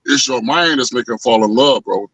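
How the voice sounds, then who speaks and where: A man telling a story in casual chat, animated and profane, acting out the voices of the people in it. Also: mid-range voice, a little fast, dry recording, dull audio. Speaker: podcast co-host.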